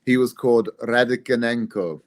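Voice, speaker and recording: A man's voice: mid-range voice, normal speed. A man, a wrestler, chatting casually in an interview and telling rambling, self-deprecating stories. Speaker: guest, wrestler.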